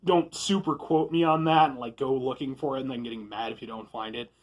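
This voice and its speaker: A man hosting a casual food review vlog from a room at home, rambling and self-deprecating, with sudden loud bursts of enthusiasm. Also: medium pitch, steady tone, fairly quick, dull audio.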